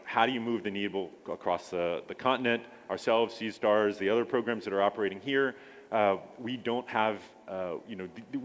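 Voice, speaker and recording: A man pitching his startup accelerator at a conference, hesitant, with many filler sounds and restarts.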